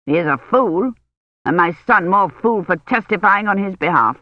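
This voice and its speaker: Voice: mid-range voice, expressive, moderate pace, no room sound, natural voice. Reader as stern old noblewoman, curt, scolding, dry, slightly muffled sound. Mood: scornful. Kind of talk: audiobook character voice.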